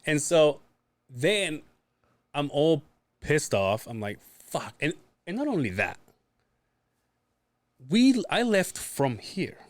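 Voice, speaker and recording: A man's voice: on the high side, sing-song, slow pace, pauses often, no echo. A man co-hosting a podcast, telling a story casually, swearing often and acting out what people said. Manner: swears often, acts out quoted voices. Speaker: podcast co-host.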